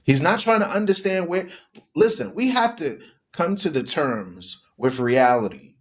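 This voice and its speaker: A man's voice: fairly high pitch, animated, measured pace. A man speaking as a radio guest in an emphatic, preaching style, repeating words for stress and addressing listeners directly. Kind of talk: preaching commentary.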